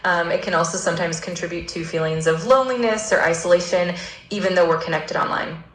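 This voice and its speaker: A woman's voice: on the low side, steady tone, fast, echoey room, a little hiss or hum, poor audio. A synthetic woman's voice with an American accent, answering as a polite and agreeable AI assistant. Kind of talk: scripted discussion replies.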